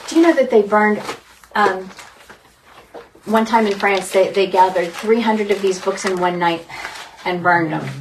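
A woman's voice: mid-range voice, unhurried, long pauses. A woman teaching a Bible study group in a conversational style, earnest and dwelling on single words. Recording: distant mic, faint background noise.

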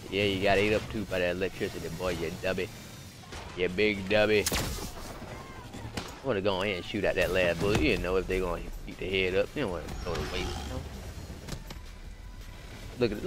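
A young man casually commenting on his own gameplay as host, slangy and animated, repeating phrases and yelping when excited. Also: medium pitch. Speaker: gaming channel host.

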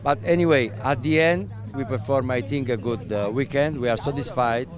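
An older man, a race official, answering interview questions in halting English while searching for words. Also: medium pitch, crowd noise.

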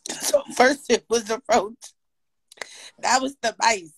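A woman's voice: a little high, takes it slowly, gravelly, slightly rough, dry recording. A woman chatting casually on a livestream, teasing and reacting as she listens to a story. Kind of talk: casual chat.

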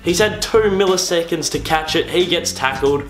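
A young man with an Australian accent, mocking sports fans in a comedic vlog monologue with exasperated, quick-fire delivery. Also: on the high side, animated, reverberant, soft background music. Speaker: comedy vlogger.

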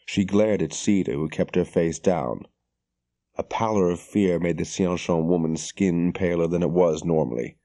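A man reading a fantasy audiobook in scripted narration, measured and steady. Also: low-pitched.

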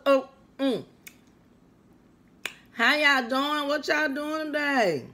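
A young woman chatting loudly and playfully to her viewers while eating a meal on mic. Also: high-pitched, expressive, takes it slowly. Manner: chatty, loud and playful, talks to viewers as friends; eats on mic between remarks, with mouth sounds. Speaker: food vlogger. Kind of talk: casual mukbang eating vlog.

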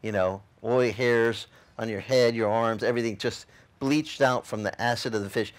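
A man's voice: medium pitch, steady tone, moderate pace. A male pastor preaching a sermon in a casual, joking way, full of rhetorical questions to the congregation.

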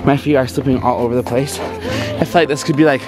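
A woman's voice: rumbling low, fairly even intonation, brisk, music in the background. A young woman, out of breath on an outdoor hike, joking about it with dramatic exaggeration. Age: young adult. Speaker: vlogger. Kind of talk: casual vlog chat. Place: outdoors on a hiking trail.

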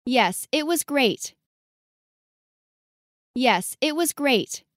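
A woman reading short English sentences slowly and clearly, saying each one twice for learners to repeat. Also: high-pitched, lively intonation, a bit bright, no room sound, studio quality. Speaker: English lesson reader.

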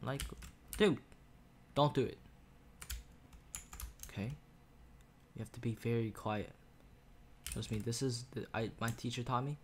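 A man's voice: medium pitch, measured pace, long pauses, a little hiss or hum. Rambling young man joking through gameplay. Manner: rambling, joking, playful trash talk. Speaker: gaming YouTuber. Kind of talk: casual gameplay commentary. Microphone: USB desk microphone. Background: faint keyboard and mouse clicks.

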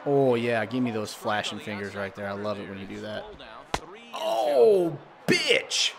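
A man casually commenting on his own baseball video game as he plays, swearing and yelling at bad pitches, then talking himself back to calm. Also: brisk, vocal fry, crowd noise. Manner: swears and yells in bursts of frustration, then talks himself calm. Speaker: gaming video creator.

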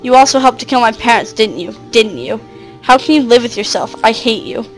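Woman doing a scared little girl begging her cat to talk, kinda high voice. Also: animated, brisk, soft background music. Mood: distraught. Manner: pleading, anxious. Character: troubled young girl searching for her cat.

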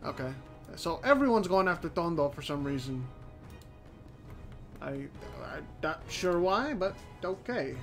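A man giving casual, unscripted let's-play commentary as the channel host, swearing freely, thinking out loud and often restarting his sentences. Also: fairly high pitch, very animated, measured pace, creaky. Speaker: host of a strategy game channel. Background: faint background music.

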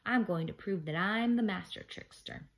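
A woman's voice: medium pitch, normal speed, natural voice. A cocky young schoolboy with a snappy, boastful way of talking, played by a woman reading a storybook aloud. He sounds sure he can out-trick anyone.

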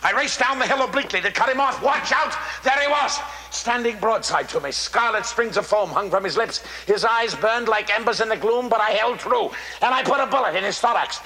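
A man's voice: high voice, a little fast, hardly any pauses, sharp tone, reverberant, rough recording. An actor playing a hearty, exuberant older statesman who tells hunting stories in a theatrical monologue, chuckling and relishing every word. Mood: breathless, dramatic. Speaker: actor in a one-man stage show.

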